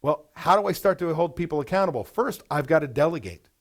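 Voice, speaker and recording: Blunt, lively restaurant coach. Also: male voice, fairly high pitch, fast. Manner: blunt and animated, asks rhetorical questions. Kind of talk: webinar presentation.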